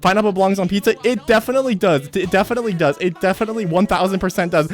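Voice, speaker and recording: A young man chatting with his livestream chat, excitable, swearing freely and repeating himself at home. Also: high-pitched, rapid-fire, few pauses, soft background music. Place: home streaming setup.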